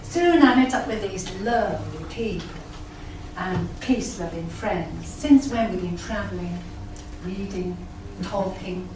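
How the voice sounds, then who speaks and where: A woman playing a warm, coaxing young hippie traveller, read live on stage. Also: mid-range voice, a little slow, natural voice. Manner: gentle, coaxing and affectionate. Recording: echoey hall, far mic, background noise.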